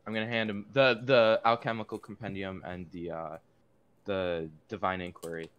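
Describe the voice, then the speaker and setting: A man playing a tabletop game who talks casually and excitably, with plenty of swearing. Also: sits low, normal speed, dull audio. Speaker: player.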